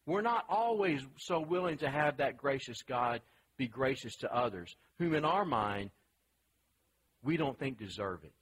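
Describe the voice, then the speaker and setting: A man's voice: mid-range voice, sing-song, measured pace, a bit bright, slight background noise, poor audio. A man preaching a sermon in a conversational, emphatic way, asking the listeners questions.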